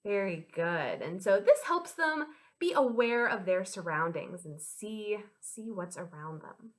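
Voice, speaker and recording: A young American children's librarian leads storytime for small children at an unhurried pace. Her medium-pitched voice is animated, sing-song and encouraging.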